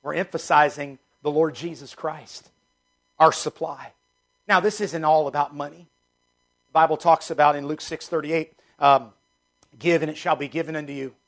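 Preaching at a normal pace, this middle-aged pastor has a fairly high pitch and a steady tone. His sermon is emphatic and repetitive, moving back and forth between booming statements and quiet asides.

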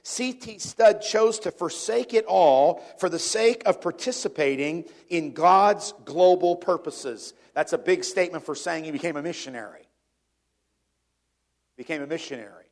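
A middle-aged man with a notably high speaking voice preaches a sermon in church. He talks conversationally, throws questions out to the congregation and often repeats words as he finds his way. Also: normal speed. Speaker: pastor.

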